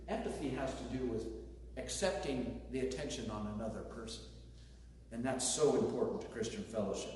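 A man preaching a sermon in a relaxed, conversational way, slipping in light jokes. His voice rings out in a long, booming reverb from a big hall. He sits well back from the microphone, with a faint hiss under the sound. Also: moderate pace. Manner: conversational, with joking asides. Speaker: pastor. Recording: very echoey hall, distant mic, faint noise.

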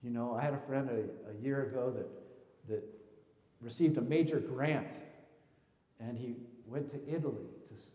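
A man preaching to his congregation in a church sanctuary, mixing scripture readings with chatty asides and quick questions. His tone is mellow and warm, and the voice rings through a roomy hall with a long tail of reverb. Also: mid-range voice. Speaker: pastor. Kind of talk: sermon.

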